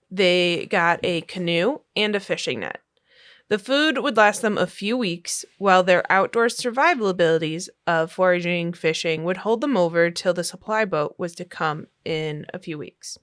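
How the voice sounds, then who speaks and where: A woman hosting a podcast, telling a true story in a relaxed, chatty way with fillers and laughs. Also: lowish voice, normal speed, clean tone. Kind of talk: casual storytelling chat.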